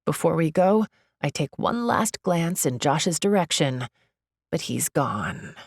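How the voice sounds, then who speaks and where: A young woman reads a first-person romance novel aloud in a low voice. She is expressive and lively in her delivery. The recording is dry and close, with no room sound. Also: slow, vocal fry, dry recording. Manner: expressive, leaps high in pitch for her character's outbursts. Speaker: audiobook narrator.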